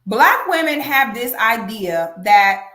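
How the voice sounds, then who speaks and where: A woman's voice: a little high, slow pace. A woman hosting a casual commentary livestream, talking emphatically and often asking "okay?". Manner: animated, emphatic, repeats "okay?". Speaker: commentary channel host. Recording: echoey room.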